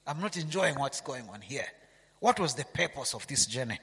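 A man's voice: medium pitch, big pitch swings, normal speed, fairly bright tone, breathy edge, long reverb tail. A man preaching a sermon, reading scripture aloud and asking his listeners rhetorical questions.

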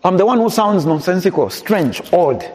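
A man's voice: high voice, big pitch swings, normal speed, darkish tone. A man preaching a sermon as pastor, building to emphatic calls to the congregation. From Zambia. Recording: long hall reverb.

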